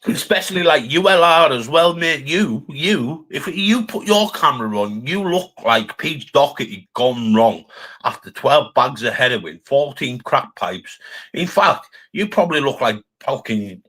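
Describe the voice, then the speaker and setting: A man with a broad Cumbrian accent rants on a live stream. He swears without pause and throws scornful, jeering insults. His voice sits at an ordinary middle pitch. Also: lively intonation, fairly bright tone, slightly rough. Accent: Cumbrian English. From Cumbria, England. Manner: angry, profane, insulting; mocking, jeering.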